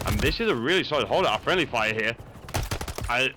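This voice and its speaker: A man's voice: medium pitch, expressive, a little fast, bright, forceful tone, slight background noise. A Welsh man commentating a live esports shooter match, bantering and laughing often. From Wales. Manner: chatty, jokey banter with frequent laughs. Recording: gunfire and game sounds over the voice. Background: game gunfire and explosions.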